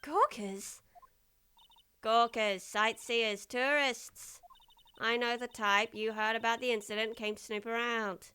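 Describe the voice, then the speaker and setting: A woman's voice: on the high side, steady tone, slow, bright, forceful tone, clean tone. A woman voicing a grouchy, chatty old woman security guard who scolds and gossips, reading game dialogue. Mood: bossy. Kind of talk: video game voice-over reading.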